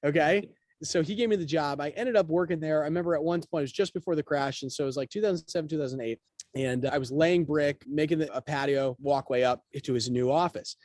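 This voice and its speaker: A man's voice: fairly high pitch, quick pace, darkish tone, no room sound. A man being interviewed as a guest, telling his story casually and acting out the quotes of people in it. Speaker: guest, real estate broker.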